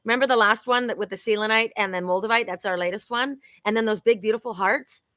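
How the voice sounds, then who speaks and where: A woman's voice: medium pitch, quick pace, a bit bright, no echo. Chatty woman psychic reader, dry sound. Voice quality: chatty, exclamatory, talks straight to viewers. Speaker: psychic card reader and host. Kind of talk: live-streamed oracle card reading. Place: home in Sedona.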